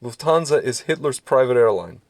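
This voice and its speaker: A man's voice: medium pitch, lively intonation, moderate pace, vocal fry, darkish tone, no room sound. A man co-hosting a podcast in casual chat, rambling with many fillers and restarts, now and then slipping into mocking voices when he quotes people. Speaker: podcast co-host.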